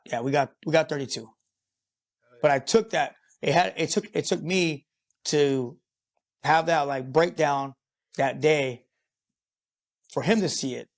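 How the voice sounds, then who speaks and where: A man who works as a construction foreman, a podcast guest telling a work story in a rambling, profane way full of fillers. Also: on the high side. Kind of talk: casual storytelling interview.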